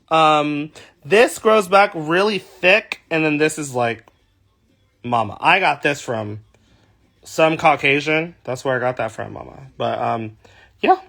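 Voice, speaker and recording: A man's voice: a little high, lively intonation, unhurried, vocal fry, a bit bright. A young man from California, a drag performer, chatting casually on a livestream and reading viewer comments aloud.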